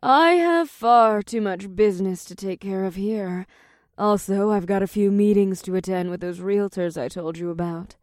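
A man voicing a poised female succubus who runs a club, speaking in a languid, measured, affectionate way. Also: high-pitched, dry recording, studio quality, voice pushed up, close to an everyday voice. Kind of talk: audiobook character voice.

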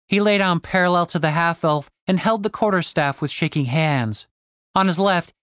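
A man reading a fantasy novel aloud in a steady storytelling voice. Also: on the high side, no echo, clean studio sound. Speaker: audiobook narrator. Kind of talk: scripted fantasy narration.

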